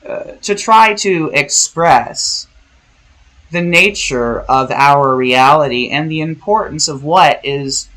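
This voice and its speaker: A man's voice: on the high side, slow, pushed and bright, low-quality recording. Rambling, theatrical male vlogger. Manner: rambling, profane, theatrical, jokey. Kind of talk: casual spiritual monologue.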